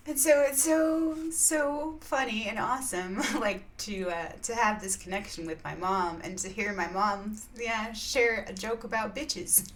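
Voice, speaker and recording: Woman vlogger, slow unhurried talk, rambling, giggly, faint hum in the background. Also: medium pitch, a bit bright. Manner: rambling, laughs often, many filler yeahs. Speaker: vlogger sharing spiritual reflections. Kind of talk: casual chat.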